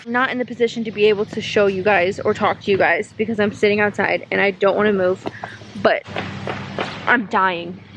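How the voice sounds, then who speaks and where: A woman chatting casually in a reading vlog, gushing and excitable as she talks about a book. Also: medium pitch, a little hiss or hum. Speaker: book vlogger. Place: outdoors on a work break.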